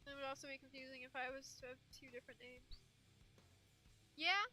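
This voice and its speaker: A young woman with a high, bright voice chats casually to her live stream from home, giggly and reassuring. She sounds a little stuffed up from a cold. Soft music runs faintly behind her. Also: fairly even intonation, brisk. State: stuffy nose.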